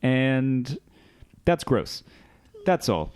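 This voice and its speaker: A man's voice: medium pitch, very animated, drawn-out words, darkish tone, clean tone, no room sound. A man co-hosting a casual podcast, retelling a film scene by scene in a wry way and acting out the characters. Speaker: podcast co-host. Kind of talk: casual film recap chat.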